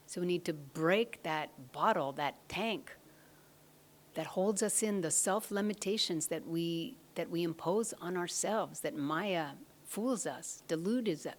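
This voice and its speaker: A woman giving a devotional satsang talk, speaking softly and slowly, often close to a whisper. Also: lowish voice. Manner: soft, slow, often half-whispered.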